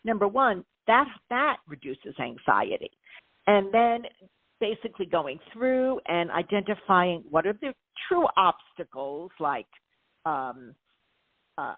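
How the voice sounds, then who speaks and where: A middle-aged woman, a life coach, explaining her methods in a lively way with playful examples during an interview. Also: on the low side, unhurried, no echo. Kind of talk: interview conversation. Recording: tinny phone-like line, dry.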